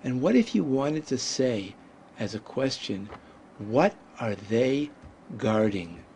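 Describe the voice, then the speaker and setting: A man gives a language lesson at a very unhurried pace, stretching out each word and leaving space for listeners to answer. His pitch sits in a middle range, and a faint hum of room noise lies under his voice. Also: sing-song, a little mellow. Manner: deliberate, drawn-out pronunciation with pauses. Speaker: Hebrew teacher. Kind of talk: slow, patient language lesson.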